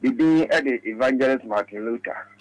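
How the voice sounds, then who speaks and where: A man calling in to a radio show, talking in halting, broken English. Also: mid-range voice, no room sound, lo-fi sound. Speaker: radio caller. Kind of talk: phone-in talk.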